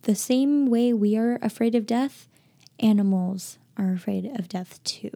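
Woman, podcast host, warm mellow tone, casual upbeat chat. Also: medium pitch, measured pace, vocal fry. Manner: chatty, upbeat and personal.

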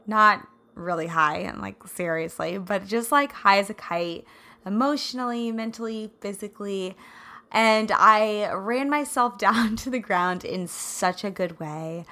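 A woman from the Midwest hosting a casual solo podcast, bubbly and effusive, laughing often, her throat a little scratchy and raspy today. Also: mid-range voice, bright, forceful tone. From American Midwest. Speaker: podcast host.

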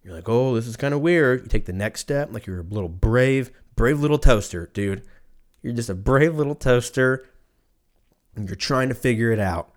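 A man's voice: medium pitch, expressive, normal speed. A man hosting a podcast alone, telling a rambling, profane, self-mocking story in a casual comedic monologue. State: in pain from a stubbed toe. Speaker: podcast host.

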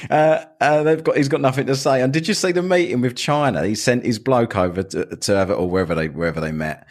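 A man's voice: mid-range voice, fast talker. A man hosting a podcast, rambling in casual chat and laughing as he mimics people. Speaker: podcast host.

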